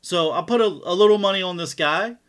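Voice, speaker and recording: A man's voice: sits high, a little fast, a bit bright. A middle-aged man co-hosting a casual fight podcast, telling stories in a laid-back, chuckling way. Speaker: podcast co-host. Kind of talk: casual MMA chat.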